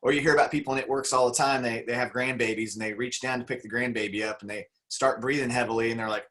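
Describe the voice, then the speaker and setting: A man's voice: medium pitch, steady tone, fast talker, few pauses, a bit bright. A man leading a motivational talk on a video call. He speaks in a conversational, enthusiastic way and acts out the quotes he tells.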